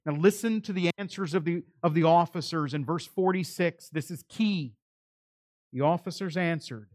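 A man delivering a sermon with a dramatic swing, voicing quoted speakers as he goes. His voice sits fairly high for a man. It sounds close and dry, with no room around it. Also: normal speed, dry recording. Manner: dramatic preaching, acting out quoted voices, rising and dropping loudness. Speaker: pastor.

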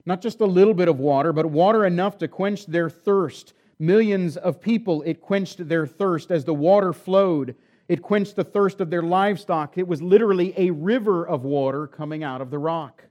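A man's voice: high-pitched, normal speed, darkish tone, muffled recording. A man preaching a sermon, retelling a scripture story and then reading the passage aloud with rising and falling emphasis. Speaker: pastor.

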